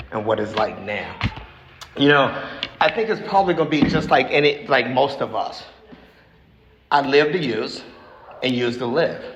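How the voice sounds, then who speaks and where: A man in his sixties giving a recovery testimony at a meeting, talking frankly and haltingly, repeating himself as he tells his story. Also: mid-range voice, lo-fi sound. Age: 60s. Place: meeting hall. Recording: echoey hall with faint noise.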